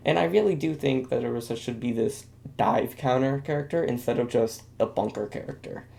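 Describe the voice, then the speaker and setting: A young man talks through his game ideas in a rambling, self-deprecating way, full of ums and asides. His voice is gravelly and mellow, and he speaks into a desk microphone at his computer. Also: mid-range voice, a little fast. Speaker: video game commentator. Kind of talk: casual commentary while drawing.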